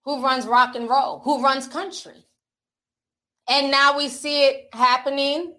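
At a measured pace and with little pitch movement, her high voice comes across bright and forceful. The entertainment commentator keeps things casual and candid on camera, speaking to viewers and reading out social media comments.

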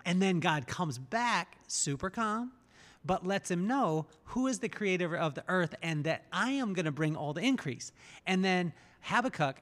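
A man hosting a podcast interview, telling stories in an animated way and acting out voices as he retells them. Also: high voice, normal speed, in a large hall. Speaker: podcast host. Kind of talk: conversational interview.

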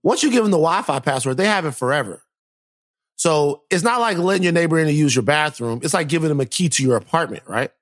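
A man hosting a podcast, telling a story in casual, animated chat, repeating phrases for effect and swearing casually. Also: fairly high pitch, fast, no echo, studio quality. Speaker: podcast host.

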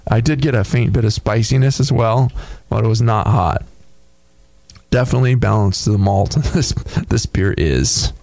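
Male podcast co-host, low gravelly voice, dry close-mic sound, halting delivery. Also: a little mellow, dry recording. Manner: thoughtful, halting, many fillers and restarts. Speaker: podcast co-host reviewing beer. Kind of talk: casual tasting chat.

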